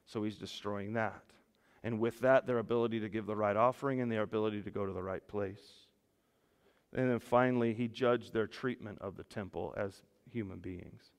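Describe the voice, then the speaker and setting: A man preaching a sermon as pastor, animated, his voice rising and falling. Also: on the low side, normal speed, creaky. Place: church hall. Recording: long hall reverb.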